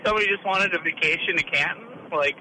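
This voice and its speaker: A man calling into a sports radio show, rambling with laughs and halting starts. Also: on the high side, pushed and bright, slight background noise, rough recording. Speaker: caller. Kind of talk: casual call-in chat.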